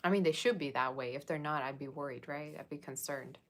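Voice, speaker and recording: A woman's voice: low-pitched, fairly quick, background noise. A woman giving a casual tarot reading, chatting and rambling straight to her viewers. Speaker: tarot reader.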